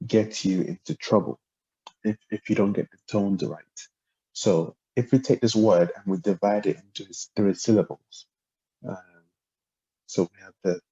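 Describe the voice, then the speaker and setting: Male language tutor, husky low voice, patient and halting, recorded without a proper mic. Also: mellow, dull audio. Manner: hesitant, lots of ums, spells out syllables and tones. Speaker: language teacher. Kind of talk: relaxed explanatory lesson.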